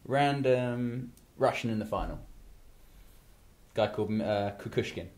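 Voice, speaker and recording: A man's voice: medium pitch, animated, measured pace, a little mellow, slight background noise. A man hosting a casual talk show, rambling with many asides and restarts. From England. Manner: rambling, lots of "you know" and restarts. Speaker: podcast host. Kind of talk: casual chat.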